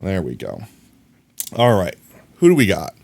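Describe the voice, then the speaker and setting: Male streamer, lively pitch swings, jokey casual chat with viewers. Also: unhurried, gravelly. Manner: playful, joking, chuckles often. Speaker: live streamer.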